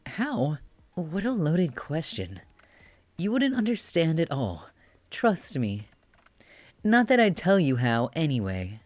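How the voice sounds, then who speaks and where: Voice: medium pitch, very animated, slow, pauses often, darkish tone, no room sound, pitched above the performer's own voice. A streamer voicing a bratty, arrogant young male Death in a raised, cute voice, reading game dialogue aloud. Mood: haughty. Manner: haughty, snippy, boastful.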